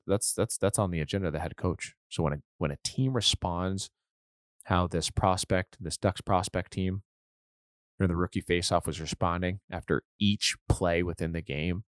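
A man's voice: sits low, steady tone, moderate pace, dry recording, clean studio sound. A man hosting a casual hockey podcast, an enthusiastic fan who rambles and restarts his sentences. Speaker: podcast host.

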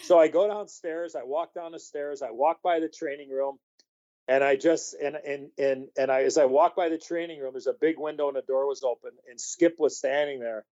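A man's voice: fairly high pitch, steady tone, normal speed, mellow, highs cut off. A man telling a story as a guest in an interview, rambling with many fillers and restarts. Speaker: guest, former hockey player.

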